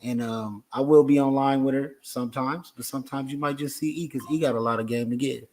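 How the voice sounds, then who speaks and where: A man's voice: medium pitch, steady tone, a little fast, a little mellow. A man hosting a podcast in a casual, laid-back way, talking straight to his viewers. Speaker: podcast host.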